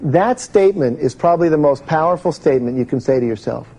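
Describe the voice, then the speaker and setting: A man whose voice sits on the high side speaks quickly and expressively at a live motivational seminar, mellow in tone as he chats with the room and asks questions. It's a low-quality recording.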